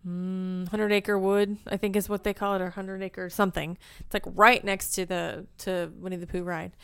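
A woman's voice: medium pitch, little pitch movement, normal speed, gravelly, smooth, dry recording. A woman co-hosting a casual chat about theme park tips, chatty and hesitant with ums. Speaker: co-host.

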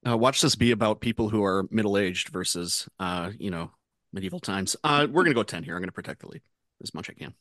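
A man playing a trivia game on a podcast, thinking out loud in a relaxed way. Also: on the low side, fast, no room sound, studio quality. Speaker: quiz contestant. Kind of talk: casual podcast chat.

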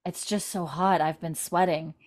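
A woman's voice: fairly low pitch, steady tone, moderate pace, darkish tone, lightly acted. A woman quoting a wry, practical 18th-century wife who works as a doctor.

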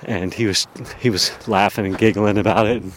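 With a little hiss or hum in the recording, a podcast host speaks fairly quickly in a steady, lowish voice. He's outdoors in a town, casually rambling about himself, leaning on fillers and self-deprecating humor.

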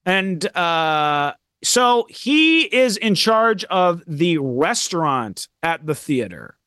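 A man with a high, bouncing voice co-hosts a casual film podcast. He talks with animated energy and slips into quick impressions of the characters. The sound is dry, with no room around him. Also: clean tone, dry recording. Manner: animated, acts out characters' lines. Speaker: podcast co-host.

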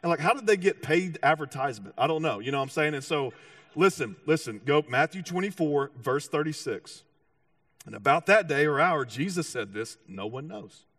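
A man preaching a sermon with animated storytelling, acting out voices and often restarting his sentences. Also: fairly high pitch, normal speed, no echo, studio quality, recorded from a distance. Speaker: pastor.

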